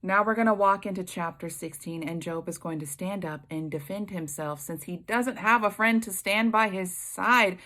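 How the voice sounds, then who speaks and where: A woman teaching a Bible study, reading scripture aloud and commenting with emphatic, expressive reactions. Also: on the low side, normal speed, hardly any pauses.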